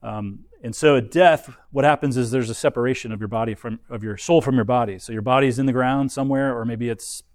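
A man's voice: mid-range voice, brisk, hardly any pauses, darkish tone, no echo, studio quality. A man teaching a Bible lesson in an explanatory way, often restarting his sentences. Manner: explanatory, frequent restarts and fillers.

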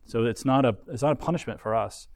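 A man's voice: medium pitch, quick pace, a little mellow, dry recording, clean studio sound. A man teaching a Bible lesson in an explanatory way, often restarting his sentences. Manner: explanatory, frequent restarts and fillers.

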